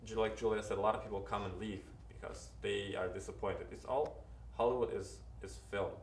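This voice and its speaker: Ukrainian-accented man, low voice, echoey room. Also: fairly even intonation, brisk, far from the mic, a little hiss or hum. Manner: earnest, advising, with many restarts. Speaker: interview guest, actor. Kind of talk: casual interview talk.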